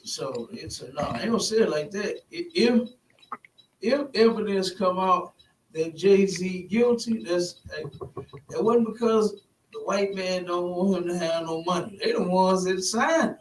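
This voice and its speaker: A man's voice: high voice, measured pace, distant mic. A man in a casual spoken discussion, rambling and often asking "you know what I'm saying?". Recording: echoey room, voice from off-mic, faint hiss.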